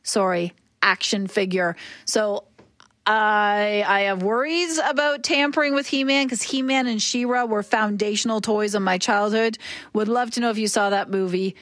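A woman's voice: medium pitch, fairly even intonation, normal speed, a bit bright, no echo. A woman co-hosting a radio show, chatting casually and poking fun at herself with frequent laughs. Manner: chatty, self-deprecating, laughs often.

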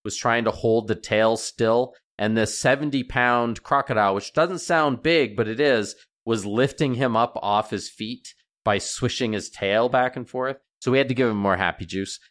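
A middle-aged man, a veterinarian guest, telling stories in a casual radio interview with lively jumps in pitch. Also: moderate pace. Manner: animated storyteller, pitch jumps up when excited.

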